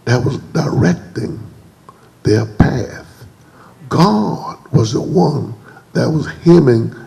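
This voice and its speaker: A man preaching a church sermon. He calls on the congregation to answer back, repeats and stammers over words, and leaps higher when he acts out quotes. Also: gravelly, warm tone, low-quality recording. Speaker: pastor. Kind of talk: preached sermon with call-and-response. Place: church service.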